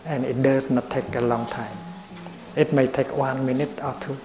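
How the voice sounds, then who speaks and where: An older man giving a slow, gentle dharma talk as a Buddhist teacher. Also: medium pitch, little pitch movement, faint music behind. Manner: slow and gentle, with long pauses. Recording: roomy echo.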